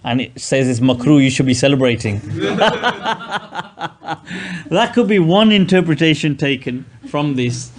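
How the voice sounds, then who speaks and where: A man leads a relaxed classroom lesson, explaining an old text in an easy, chatty way. He jokes and slips into little grumbling voices to act out what people say. His pitch sits in a middle range. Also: measured pace, long pauses. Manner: jokey, acts out grumbling people in asides. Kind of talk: casual classroom teaching.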